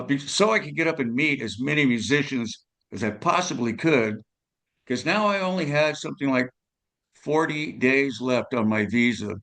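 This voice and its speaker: Medium in pitch and a bit bright, this older man's voice carries rambling interview stories full of fillers and tag questions. He's a guest musician from California, USA.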